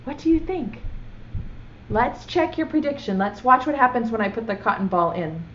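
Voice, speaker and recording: A woman's voice: fairly high pitch, sing-song, normal speed, highs cut off, a little hiss or hum. Sing-song preschool teacher woman. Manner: gentle, asks children questions. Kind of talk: reading aloud and teaching young children.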